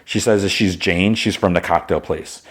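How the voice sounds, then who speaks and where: A man's voice: low-pitched, moderate pace, fairly bright tone. A man hosting a podcast, recapping a TV episode in a chatty way, full of "like" and "you know.". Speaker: podcast host.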